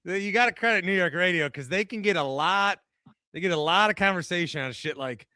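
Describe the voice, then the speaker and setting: A man's voice: sits high, a little fast, bright, forceful tone, clear, resonant tone, no room sound. A man co-hosting a casual sports podcast with dry, wry remarks. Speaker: podcast co-host.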